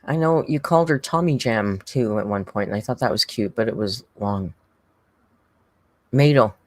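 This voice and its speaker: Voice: medium pitch, moderate pace, darkish tone, dry recording. A livestreamer in casual, rambling chat, reading viewer comments aloud and talking to a pet cat between them. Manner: reads viewer comments aloud and thanks members; frequent laughter and filler words.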